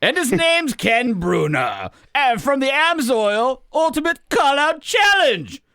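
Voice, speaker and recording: A hesitant would-be Australian announcer, put on by a man with a dry, close sound. The voice drags each phrase out slowly and breaks into giggles partway through. Pitch is pushed above his usual voice. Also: very animated, bright, forceful tone, clean tone, dry recording, heavily acted. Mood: self-conscious.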